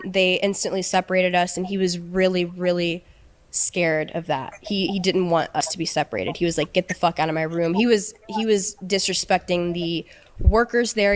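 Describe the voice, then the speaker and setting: A young woman recounting a painful relationship in an emotional personal account, halting and earnest, with many restarts and fillers. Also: on the low side.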